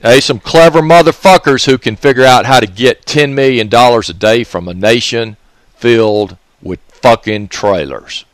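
A man's voice: mid-range voice, normal speed, no room sound. A man, hosting his own radio show in a profane, sneering, ranting monologue. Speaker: radio host.

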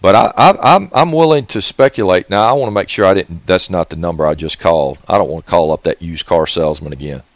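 A man with a low voice rants on his own radio show. He swears constantly, sneers at his targets and swings into loud hollering, and the recording is dry and close. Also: fast talker, hardly any pauses, no echo. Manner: profane, ranting, sneering. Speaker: radio host. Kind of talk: ranting solo radio monologue.

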